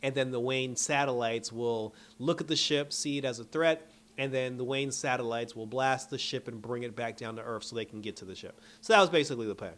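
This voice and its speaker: A man's voice: medium pitch, brisk, fairly bright tone. A man casually recapping a TV episode, telling it like a story and acting out the characters' lines with bursts of laughter. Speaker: show reviewer.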